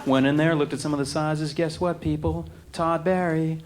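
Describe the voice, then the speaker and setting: A man performing a deadpan stand-up comedy set in a club. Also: a little high, moderate pace, heavy background noise. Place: comedy club with a live audience. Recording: live stand-up recording with a laughing crowd.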